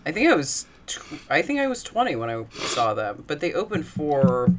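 A woman co-hosting a podcast in casual chat, playful and quick to laugh. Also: low voice, sing-song, very noisy. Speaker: podcast co-host.

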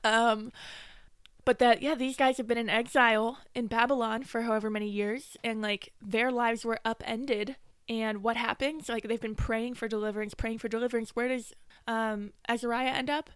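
A young woman co-hosting a casual faith podcast, talking in an animated way and laughing often. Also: on the high side, normal speed, smooth, dry recording, clean studio sound. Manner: animated, laughs often, retells with mimicking voices. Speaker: podcast co-host.

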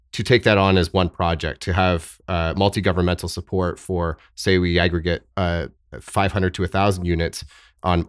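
A man speaking as a podcast guest, thoughtful and halting with frequent restarts and fillers. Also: deep voice, smooth, no room sound, studio quality. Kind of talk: podcast interview.

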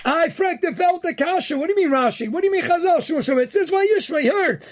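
A man with a strikingly high voice hosts a daily inspirational talk, mixing jokes with Torah teaching. His delivery is animated, and he punches his main points with near-shouts. He peppers his English with Yeshivish Hebrew terms. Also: fast, noisy background.

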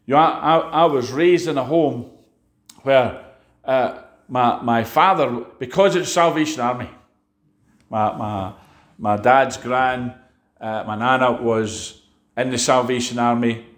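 A man preaching a sermon, halting and restarting often and asking the congregation rhetorical questions. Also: medium pitch, roomy sound. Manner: halting, with frequent fillers and restarts.

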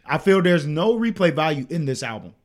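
A man's voice: fairly high pitch, sing-song, fairly quick. A man co-hosting a casual podcast chat, blunt and opinionated, who swears freely and builds his points with long comparisons. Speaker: podcast co-host.

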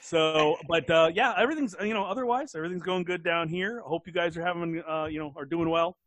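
A man co-hosts a casual podcast in a slightly high voice, halting often with "uh" and "you know". The recording is dry and close, with no room sound. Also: fairly bright tone, dry recording. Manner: hesitant, heavy with fillers like uh and you know. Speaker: podcast co-host.

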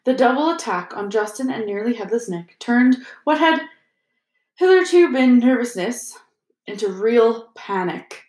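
A woman reading a storybook aloud in a steady, even storytelling manner. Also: a little high, reverberant. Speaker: audiobook reader. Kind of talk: scripted narration.

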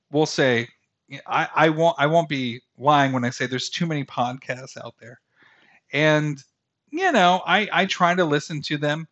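A man's voice: medium pitch, a bit bright, highs cut off. Rambling self-deprecating male podcast host. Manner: rambling, self-deprecating, with many fillers and restarts. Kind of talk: casual solo podcast commentary.

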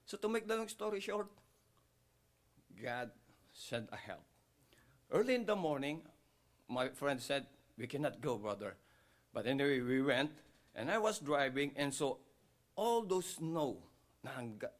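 A man with a Filipino accent delivers a sermon in a voice of ordinary middle pitch. He shifts between English and Tagalog, swells to loud emphasis on key lines and sinks to a hush when moved. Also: expressive, moderate pace. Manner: rising loud on key phrases, dropping quiet when moved. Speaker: pastor.

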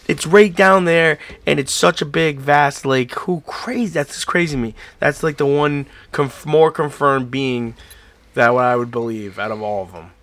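A man with a voice a touch higher than most tells stories in a loose, rambling way, full of fillers and constant swearing. He gets animated as he goes, co-hosting a casual chat. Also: normal speed. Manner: animated storytelling. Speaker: podcast co-host.

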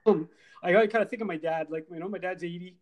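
A middle-aged man riffs on movies in a casual co-host chat, animated and full of asides. His voice is fairly high for a man, and he talks in rapid bursts. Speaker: podcast co-host.

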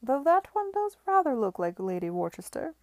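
A woman reading aloud, voicing a languid young gentleman who is wry and drawling. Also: sits high, big pitch swings, moderate pace, no room sound, voice pushed up.

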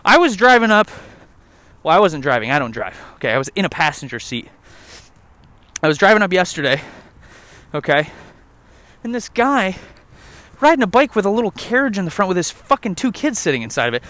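A man's voice: high voice, very animated, a little fast, fairly bright tone, no echo. A young man rambling and joking with lots of swearing while walking a trail outdoors. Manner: profane, rambling, jokey. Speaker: vlogger. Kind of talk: casual rant while walking.

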